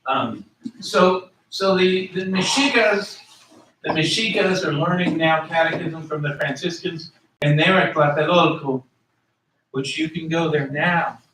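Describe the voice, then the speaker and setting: A man lecturing in a room with a lingering echo, his voice picked up from across the space. He speaks slowly and a touch high, going over each term again and spelling words out for the class. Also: a bit bright, a little hiss or hum. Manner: explanatory, repeats and spells out terms. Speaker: history lecturer. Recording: echoey room, voice from a distance.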